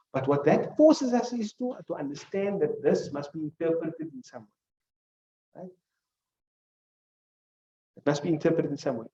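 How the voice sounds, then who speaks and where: A man's voice: a little high, dark tone, echoey room, distant mic, dull audio, slight background noise. A male teacher gives a classroom lecture, explaining with examples and putting questions to his students.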